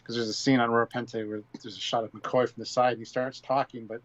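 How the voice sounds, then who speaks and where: A man's voice: mid-range voice, level tone, fairly quick, no echo. Rambling man on a dull lo-fi stream. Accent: British. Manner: rambling, repeats words while searching. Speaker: co-host. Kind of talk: casual live-stream film discussion.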